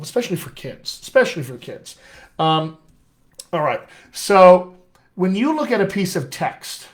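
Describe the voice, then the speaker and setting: A man with a General American accent teaches a live session as a dialect coach, his voice sitting a little higher than most men's. He explains off the cuff and keeps checking in with his listeners. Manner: extemporaneous, explanatory, frequent "all right?" check-ins.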